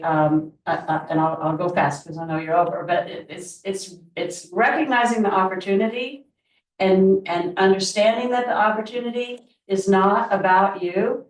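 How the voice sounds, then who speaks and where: A woman's voice: medium pitch, slight background noise. A middle-aged woman, a real estate agent, telling a rambling story at a team meeting with lots of restarts. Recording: roomy, distant mic.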